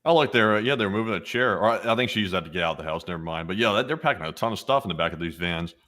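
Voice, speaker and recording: Low voiced dude riffing on war clips, talks fast, cracks jokes. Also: male voice, animated, fairly bright tone. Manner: quick wisecracks, reacts to footage. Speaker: co-host. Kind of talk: casual war footage commentary.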